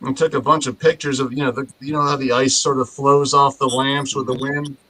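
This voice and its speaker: A man's voice: mid-range voice, flat delivery, a little fast, sharp tone, slightly rough. A man telling a story in a casual chat, rambling with frequent restarts and casual swearing. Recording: noisy podcast audio.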